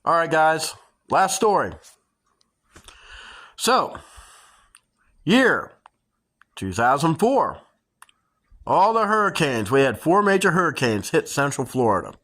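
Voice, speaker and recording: A middle-aged woman host telling dramatic personal stories to her viewers in a casual, animated way. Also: low voice, slow pace, long pauses. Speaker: homestead channel host.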